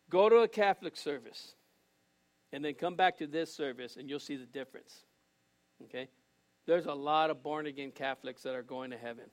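An older man preaching a sermon as pastor, earnest and direct with the congregation, often restarting and repeating his phrases. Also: fairly high pitch.

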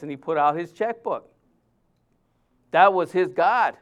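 A male pastor, preaching in a conversational way, with many fillers and restarts, dropping his voice softly when he quotes others. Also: fairly high pitch, moderate pace, smooth. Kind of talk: sermon.

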